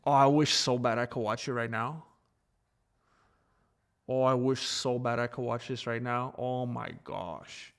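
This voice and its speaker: Streaming live, a man talks directly to his chat in a loose, rambling manner, laughing easily and hopping between thoughts. His ordinary middle-pitched voice is steady and fairly bright, with vocal fry, a measured pace and frequent pauses.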